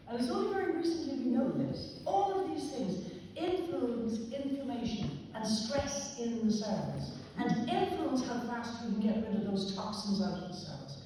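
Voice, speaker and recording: A woman giving a public talk on aging to a live audience, explaining emphatically and now and then clearing her throat or coughing. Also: sits high, very animated, a little slow, mellow, slight background noise. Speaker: lecturer on aging. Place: large warm hall with an audience. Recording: echoey hall, voice from far off.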